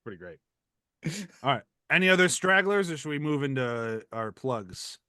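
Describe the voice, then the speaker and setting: A man hosting a casual podcast chat, quick to laugh and animated as he talks. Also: medium pitch, clear, resonant tone, dry recording, studio quality. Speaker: podcast host.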